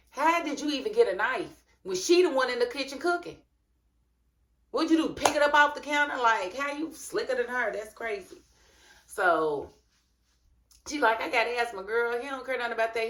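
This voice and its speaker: A woman's voice: mid-range voice, reverberant. A woman hosting her own channel, giving a casual, chatty recap and review of a TV episode and talking straight to her viewers. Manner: chatty, colloquial, talks straight to viewers as "honey" and "y'all".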